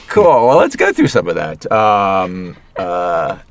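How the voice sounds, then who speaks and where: A man's voice: low-pitched, huge pitch swings, slow pace, background noise. A man hosting a studio podcast in a casual, hesitant way, with chuckles. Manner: hesitant, many fillers and restarts, chuckles. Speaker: podcast host. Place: recording studio.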